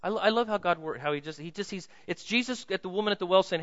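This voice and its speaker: A male pastor preaching a sermon in a pleading way, dropping to a hush and rising to loud appeals. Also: high-pitched, fast talker. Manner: pleading, swings from hushed to loud. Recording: muffled sound with long hall reverb.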